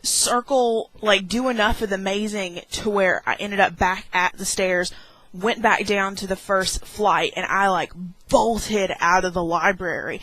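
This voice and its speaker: A young woman vlogger telling a dramatic story with many "like"s and squeaky acted-out exclamations. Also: a bit bright, dry recording, low-quality recording. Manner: heavy use of "like". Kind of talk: animated storytelling vlog.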